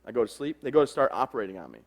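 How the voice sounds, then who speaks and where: A man's voice: mid-range voice, animated, rapid-fire. A man in his thirties, an army veteran, telling his own story to an audience in a frank, plain way. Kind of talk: personal testimony talk.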